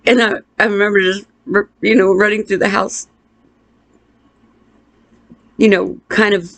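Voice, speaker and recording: Middle-aged woman telling a hard family story, gravelly voice, halting with lots of restarts. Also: mid-range voice, flat delivery, fairly bright tone, dry recording. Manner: halting, with restarts and pauses, emotional. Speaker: interviewee. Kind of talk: emotional personal storytelling.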